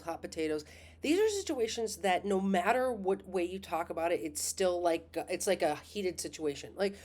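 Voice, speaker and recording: Middle-aged woman rambling about astrology stuff, lots of ums and restarts, kinda low voice. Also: a little mellow. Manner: rambling, many fillers and restarts, laughing. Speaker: astrologer and school host. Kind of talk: casual monologue.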